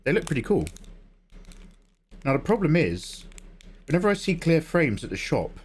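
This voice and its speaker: A man's voice: a little high, big pitch swings, normal speed, breathy edge. A young man hosting a drawing livestream, chatting casually and rambling between jokes. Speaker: livestream artist host.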